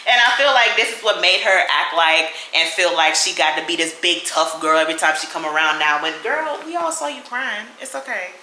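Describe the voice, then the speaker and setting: A young woman vlogger telling a storytime in an animated, sassy way, talking straight to the listener. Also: on the low side, a little fast, few pauses, reverberant, slight background noise. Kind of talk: storytime vlog.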